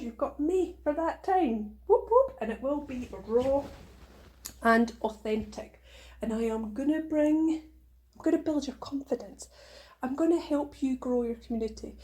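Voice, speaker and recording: A woman hosts her own motivational podcast, addressing listeners in an earnest, encouraging and emotional monologue that turns tearful at times. Her voice is high-pitched and warm, animated, and moves at a moderate pace.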